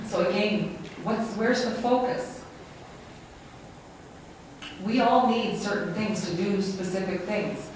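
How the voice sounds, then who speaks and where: An interpreter voicing a lecture live, in a halting, self-correcting way. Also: medium pitch, fairly even intonation. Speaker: sign language interpreter. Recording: very echoey room, distant mic, faint noise.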